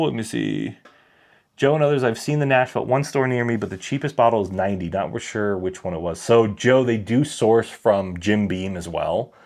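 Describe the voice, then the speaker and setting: A man's voice: lowish voice, darkish tone. A man hosting a casual whiskey livestream, chatting with viewers and reading their comments aloud. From Colorado.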